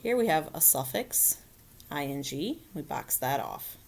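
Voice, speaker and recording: A woman with a deep, sing-song voice and some vocal fry takes her time guiding children through a recorded phonics lesson. She explains each step patiently and keeps checking in, often asking "right?"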